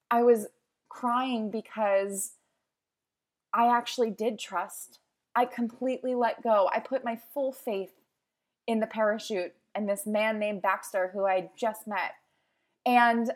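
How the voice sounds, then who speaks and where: A woman hosting a podcast, speaking in an emphatic, emotional motivational monologue with repeated phrases. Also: mid-range voice. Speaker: podcast host.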